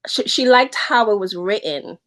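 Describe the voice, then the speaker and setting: A woman from the Bronx with a New York accent, chatting excitedly as a podcast guest over a video call. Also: medium pitch, moderate pace. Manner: animated, excitable storyteller. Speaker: guest, wardrobe stylist. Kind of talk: casual chat.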